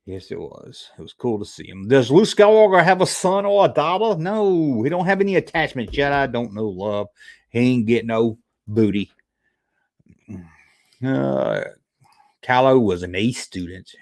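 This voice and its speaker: A man's voice: mid-range voice, measured pace. A man hosting a casual livestream, reading chat and joking around, yawning now and then. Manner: chatty, joking, animated retellings. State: sleepy, yawning. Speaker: YouTube host reading live chat.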